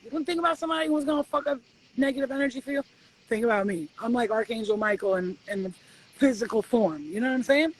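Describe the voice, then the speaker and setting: A woman's voice: a little high, fast talker, a little hiss or hum, rough recording. Profane, preachy woman on a live stream. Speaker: spiritual reader hosting a live stream. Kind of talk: casual live-stream pep talk.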